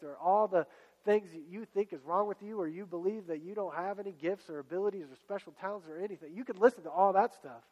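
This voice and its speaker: Man preaching a sermon, high-pitched. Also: darkish tone, big-room sound, low-quality recording. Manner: repeats key phrases, exhorting the congregation. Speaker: pastor. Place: church.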